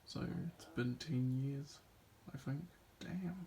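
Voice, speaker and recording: A man recounts gaming stories in a relaxed, rambling way, often restarting his sentences and filling gaps with "like." His voice is mellow and dark, sitting at an ordinary pitch. A faint hiss of noise lies under the recording. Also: slow. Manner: laughs between stories. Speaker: video creator reacting to a friend's clips. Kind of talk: casual storytelling.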